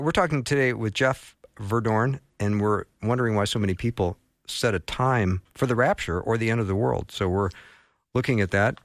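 A man's voice: fairly low pitch, dry recording. A male radio talk show host on a Christian station, chatty and joking, speaking into a studio microphone. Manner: chatty, joking, plugs phone line.

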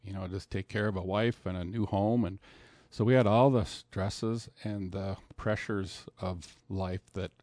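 A middle-aged man co-hosting a podcast, speaking in a thoughtful, halting way as he looks back. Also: low-pitched, steady tone, darkish tone, dry recording. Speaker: podcast co-host. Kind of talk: casual reflective chat.

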